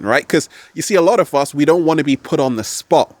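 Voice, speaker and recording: A man giving motivational advice as a vlog host, animated and playful, recorded outdoors in nature. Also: a little high, brisk, dry recording. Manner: animated, playful, slips into exaggerated quoted voices. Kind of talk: motivational talk to camera.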